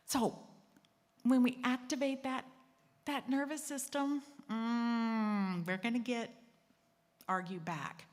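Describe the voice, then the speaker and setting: A woman's voice: fairly high pitch, steady tone, takes it slowly, pauses often, in a large hall. A woman hosting a secular assembly, talking conversationally, joking about herself and acting out quotes. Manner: conversational, self-deprecating, acts out quotes. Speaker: host.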